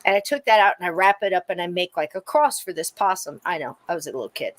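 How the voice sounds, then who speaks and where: A middle-aged woman co-hosting a podcast, telling a personal story in casual chat and acting out the quoted lines in a high, excited voice. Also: fast talker, no echo. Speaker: podcast co-host.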